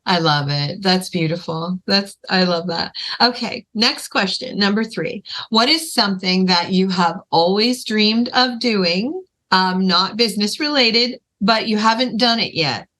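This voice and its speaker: A woman's voice: mid-range voice, a little slow, fairly bright tone. A woman podcast host who leads a casual interview with upbeat, encouraging reactions.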